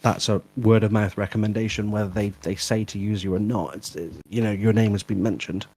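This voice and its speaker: A man with a fairly low voice talks casually on a live stream and gives practical advice. He fills pauses with ums. The mic sounds dry and close. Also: fairly even intonation, dark tone, slightly rough, no room sound. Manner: chatty, practical advice with fillers. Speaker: guest and fellow tradesman.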